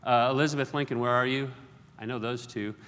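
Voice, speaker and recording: Joking middle-aged preacher in a reverberant hall. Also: male voice, medium pitch, fairly even intonation, a little fast, fairly bright tone. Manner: jokey, self-deprecating asides. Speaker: guest preacher. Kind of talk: sermon. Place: large auditorium.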